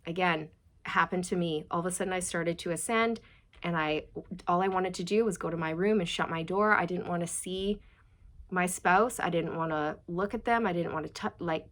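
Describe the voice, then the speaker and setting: A woman gives a casual tarot reading, talking straight to her audience. She is chatty and warm in tone, often stacking rhetorical questions as she works through the cards. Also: on the low side, normal speed. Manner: chatty, addresses viewers directly, frequent rhetorical questions. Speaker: tarot reader.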